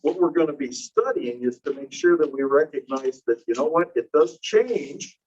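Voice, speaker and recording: A man's voice: fairly high pitch, expressive, normal speed, a little mellow, husky. A middle-aged man teaching phonetics in a casual lecture, saying example words aloud to show how sounds change. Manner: casual explaining, repeats words to demonstrate sounds. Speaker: phonetics instructor. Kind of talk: classroom lecture. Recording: distant dull lo-fi classroom recording.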